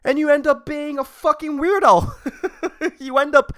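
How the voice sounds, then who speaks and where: A man's voice: very high voice, fairly even intonation, normal speed, a bit bright. A man hosting a solo comedy podcast, rambling and swearing, laughing at his own jokes. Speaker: podcast host.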